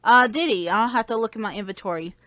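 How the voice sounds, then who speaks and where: A woman co-hosts a game playthrough, chatting casually with a friend as they play and reading on-screen text aloud. Her voice is on the high side, quick and a bit bright.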